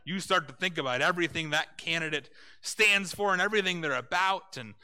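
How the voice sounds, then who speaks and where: A man preaching a conversational sermon, retelling a story with animated delivery and asking his listeners rhetorical questions. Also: a little high, a little fast.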